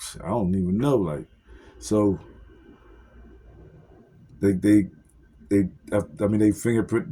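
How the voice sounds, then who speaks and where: Low dark husky man telling a story. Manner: profane street slang, lots of fillers, acts out dialogue. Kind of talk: casual personal story.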